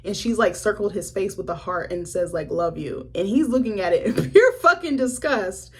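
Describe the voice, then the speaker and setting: A young woman casually recapping a film she reviewed, animated and profane, with a husky voice. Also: mid-range voice, fast, hardly any pauses. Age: young adult. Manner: animated storytelling with profanity and laughter.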